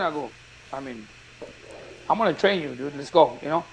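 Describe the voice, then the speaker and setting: A boxing coach telling a story in casual chat, acting out the quotes with energy. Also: male voice, a little high, moderate pace, pauses often, slight background noise, rough recording. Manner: animated storyteller, acts out quotes.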